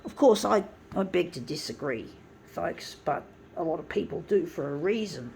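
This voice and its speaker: A woman's voice: on the low side, expressive, normal speed, gravelly, a little mellow, a little hiss or hum. Swearing, ranting woman. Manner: swearing, angry ranting, repeatedly addressing "folks". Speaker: vlogger. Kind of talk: ranting monologue to camera.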